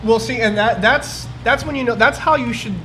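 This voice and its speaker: A man's voice: extremely high pitch, moderate pace, bright, forceful tone, slight background noise. A man co-hosting a casual podcast chat, reading listener messages and hesitating with fillers. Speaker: podcast co-host.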